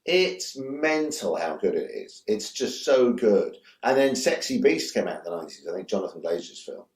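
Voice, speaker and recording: A man's voice: lowish voice, big pitch swings, normal speed, darkish tone, roomy sound. A man, a guest director telling rambling, enthusiastic stories in a casual interview, swearing freely. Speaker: guest, music video director.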